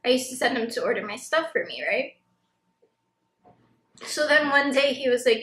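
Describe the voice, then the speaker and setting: A woman's voice: fairly high pitch, expressive, normal speed, long pauses, a bit bright. A young woman, a stay-at-home mom, talking candidly to her viewers in a chatty, confessional way that is full of "like" fillers. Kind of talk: casual confessional chat to camera. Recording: roomy echo.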